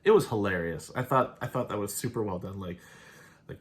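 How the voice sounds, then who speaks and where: A man's voice: lowish voice, brisk, heavy background noise. A man casually recapping and reviewing an episode, rambling and laughing as he paraphrases the characters. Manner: rambling, laughs often, quotes characters offhandedly. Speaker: show host reviewing episodes.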